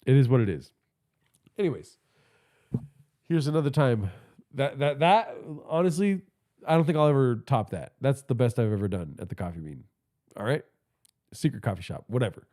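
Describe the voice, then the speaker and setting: A man telling stories on a phone livestream, rambling and excitable, with a swear in nearly every other sentence. His voice sits at an ordinary middle pitch, and his stuffy nose thickens the sound a little. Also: moderate pace, long pauses. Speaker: podcast host. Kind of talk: casual livestream storytelling. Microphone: phone held in hand.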